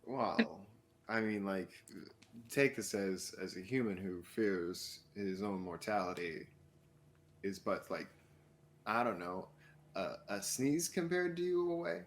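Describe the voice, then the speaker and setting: A man voices a curious human newcomer in a tabletop game, asking hesitant questions. His voice is somewhat low. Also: expressive. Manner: halting, inquisitive.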